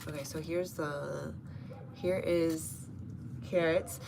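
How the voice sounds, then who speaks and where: Outdoors in her home's front garden, a young Texan-accented woman from North Texas hosts a laid-back gardening live stream. She talks slowly in a low, fairly even voice with vocal fry, over some background noise, laughing often and answering viewers by name.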